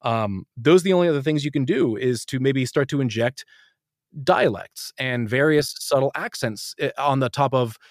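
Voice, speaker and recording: Eager American voice actor, dry sound. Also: male voice, medium pitch, dry recording. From United States. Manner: animated and eager, quick to jump between ideas. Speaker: audiobook narrator and voice actor. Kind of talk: casual interview talk.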